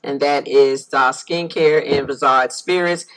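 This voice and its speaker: A woman's voice: very deep voice, steady tone, a little slow, poor audio. Friendly woman talk show host. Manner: friendly, gives frequent backchannel replies. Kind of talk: casual interview chat.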